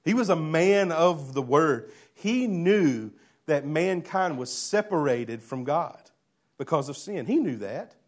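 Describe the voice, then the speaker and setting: A male pastor preaches a sermon slowly and expressively, swinging between loud, emphatic lines and quiet, low ones. He keeps posing rhetorical questions to the congregation.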